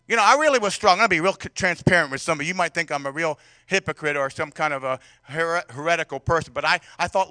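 A male pastor preaching a sermon in a conversational way, asking the congregation questions and swinging between loud and soft passages. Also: high-pitched, quick pace, no echo, studio quality.

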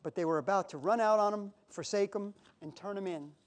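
A pastor preaching a sermon in a conversational, emotional way, with sudden loud outbursts. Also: male voice, high-pitched, a little fast.

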